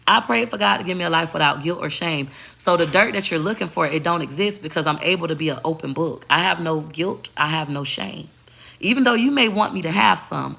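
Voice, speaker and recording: A woman's voice: fairly low pitch, creaky, a bit bright. A middle-aged woman vlogging in brash, emphatic casual talk, repeating her points.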